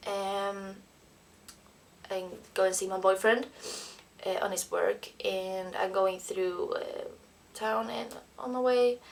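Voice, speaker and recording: A young Swedish woman in her twenties tells a heartfelt personal story straight to camera in a vlog. Her English is slightly non-native and full of "uh" and "um". Her mid-pitched voice carries a noticeable gravelly fry. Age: 20s. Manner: emotional, earnest, non-native phrasing with frequent fillers. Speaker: vlogger. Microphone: camera mic.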